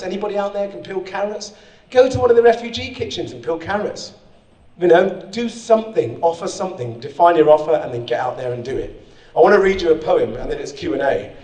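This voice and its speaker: Male keynote speaker, rousing and direct, slightly high voice, recorded from across a reverberant hall. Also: recorded from a distance. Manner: energetic, rousing, direct to the audience. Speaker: conference speaker. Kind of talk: motivational speech. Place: conference hall. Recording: echoey hall, speaker off-mic.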